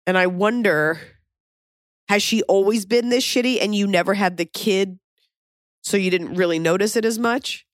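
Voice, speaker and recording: A woman hosts an advice podcast in loose, casual chat, blunt and quick to swear. She fires off question after question. Her voice sits at a middle pitch, recorded close and dry with no room sound. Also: no echo. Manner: blunt, swears freely, riffs and asks rapid questions. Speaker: podcast host giving advice.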